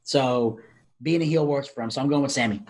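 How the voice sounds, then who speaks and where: A man's voice: mid-range voice, brisk. A man co-hosting a casual podcast, chatty and explaining his picks at length. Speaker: co-host.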